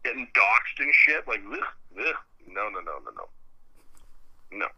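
A man with a strikingly bright, forward voice chats as a podcast guest. He tells animated stories, swears freely and slips into the voices of people he quotes. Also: fairly low pitch, a little slow, vocal fry, husky, poor audio. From Canada. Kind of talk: casual chat.

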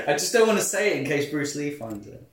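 A man's voice: fairly high pitch, very animated, moderate pace, reverberant, recorded from a distance, a crowd in the background. A man co-hosting a casual chat, making wry joking asides. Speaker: podcast co-host.

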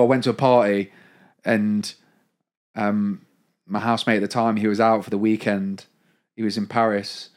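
A young man on a comedy podcast tells a story in a relaxed, casual way, his voice on the low side. He drops dry, wry remarks as he goes. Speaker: podcast co-host. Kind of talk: casual chat.

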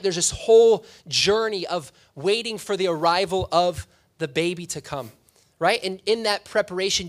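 Young guy pastor talking casual in church, kinda high voice, jokey, keeps asking "right?". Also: fairly bright tone. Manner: chatty, self-deprecating, frequent "right?" asides. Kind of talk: casual conversational sermon. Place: church sanctuary.

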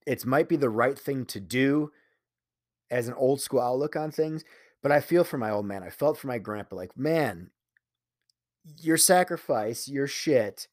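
A man's voice: medium pitch, moderate pace, a little mellow, no echo, clean studio sound. A man talking in a casual solo monologue, telling a candid, profane personal story and earnestly preaching about living life your own way. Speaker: solo speaker.

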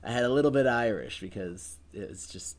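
A man's voice: fairly low pitch, moderate pace. A man co-hosting a podcast in casual chat, joking and hesitating with trailing fillers. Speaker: podcast co-host.

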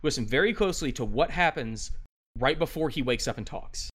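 Enthusiastic male podcast host, casual chat, mid pitch. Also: animated, a little fast, a bit bright. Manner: enthusiastic, chatty, many fillers.

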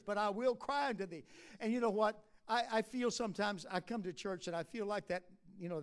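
A man preaching a sermon at a prayer conference, moving from quiet musing to loud, impassioned exhortation. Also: high voice, clean tone.

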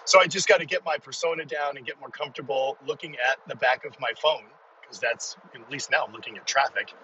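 A middle-aged man hosting a casual solo podcast from inside his car, rambling and self-deprecating, excitable in his talk. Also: medium pitch, a little fast, distant mic, highs cut off, a little hiss or hum. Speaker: podcast host.

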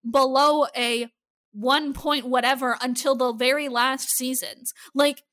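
A high-pitched woman with a bright, sharp voice chats casually as a podcast co-host, recapping a TV episode. She swears freely and laughs often. The recording is close and dry. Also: dry recording. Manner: profane, animated, laughing often.

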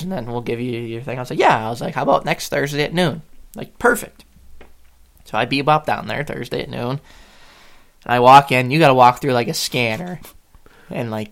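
A young man casually telling a story to his co-hosts, acting out quotes with lively jumps in voice and frequent laughs. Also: medium pitch, creaky, smooth. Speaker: podcast co-host.

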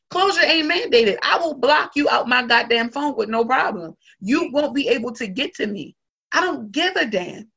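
A woman's voice: sits high, gravelly, pushed and bright, slightly rough. A woman talking candidly and emphatically in a casual conversation, blunt and swearing freely.

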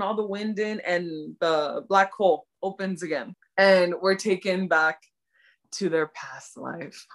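A young woman co-hosting a casual chat, excitedly retelling scenes in slangy talk. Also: lowish voice. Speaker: podcast co-host. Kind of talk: casual chat recapping a drama.

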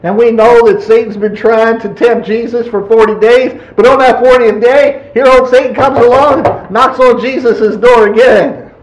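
A man preaching a sermon in a folksy, animated way, acting out quotes. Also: very high voice, moderate pace, hardly any pauses. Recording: echoey room.

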